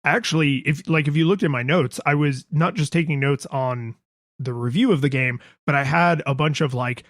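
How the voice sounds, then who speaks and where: Casually chatting as a podcast co-host, a man tells lively stories and acts out the voices in his quotes. His pitch is fairly high and his pace moderate, with clean, echo-free studio sound.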